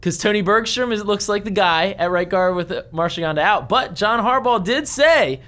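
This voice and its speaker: A man co-hosting a sports podcast, jokey and animated. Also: high voice, moderate pace. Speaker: podcast co-host. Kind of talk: casual sports talk.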